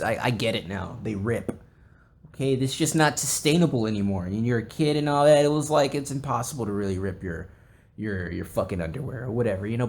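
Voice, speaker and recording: A man's voice: mid-range voice, a little mellow, a little hiss or hum. A man hosting a podcast, chatting casually in a rambling, jokey way with a lot of swearing. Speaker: podcast host.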